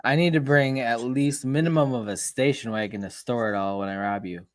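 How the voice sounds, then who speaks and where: A man's voice: mid-range voice, fairly even intonation, fairly quick. A man cracking jokes and mocking his friends in casual chat. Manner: wisecracking, mocking.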